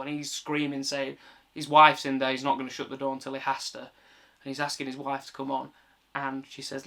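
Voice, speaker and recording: Chatty man, bright tense voice. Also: medium pitch, completely flat delivery, a little fast. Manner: chatty, swears freely, recounts plot at length. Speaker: film reviewer. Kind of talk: casual film review monologue.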